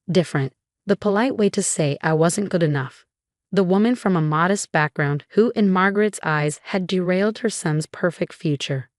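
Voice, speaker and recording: A woman's voice: lowish voice, normal speed, no room sound, studio quality. A woman narrating a first-person story in an emotional, dramatic way.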